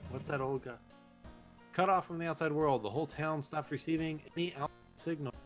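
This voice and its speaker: A man's voice: on the high side, fairly even intonation, a little fast, soft background music. A man casually commenting on a horror game with a friend, reading its text aloud, swearing and laughing often. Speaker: let's play host.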